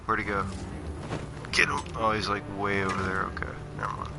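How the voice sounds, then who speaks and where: A man's voice: fairly low pitch, little pitch movement, fast. A man giving casual, rambling commentary while playing a game, joking about himself as he goes. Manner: joking, rambling, self-deprecating. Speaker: gaming livestreamer. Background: game music.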